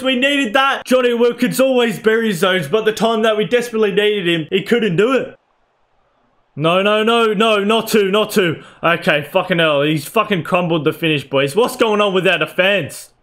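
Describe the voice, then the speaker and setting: A young man with a fairly high voice talks through his football video game match. He shouts at players, swears freely and keeps calling the viewers "boys". His talk jumps between calm play-by-play and loud yelling. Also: normal speed. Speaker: gaming YouTuber. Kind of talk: excited gameplay commentary.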